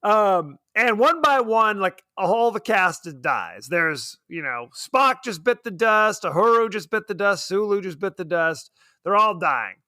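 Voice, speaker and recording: A man with a high, bright voice recorded close and dry, co-hosting a casual podcast. He talks about a film in a sarcastic, joking way and laughs often. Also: animated, unhurried, no echo. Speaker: podcast co-host. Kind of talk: casual film review chat.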